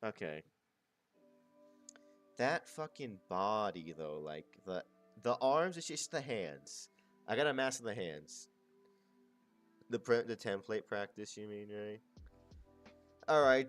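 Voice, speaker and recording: While drawing, a man chats casually to his stream, rambling, muttering to himself, and swearing in crude slang. His voice is fairly low and animated, his pace unhurried with long pauses, and faint music plays behind him.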